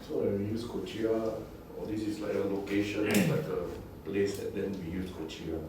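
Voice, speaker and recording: A man's voice: lowish voice, fairly even intonation, normal speed. A man who is a student in a classroom, asking questions and thinking aloud about the grammar. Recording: far off in a very echoey room, noisy.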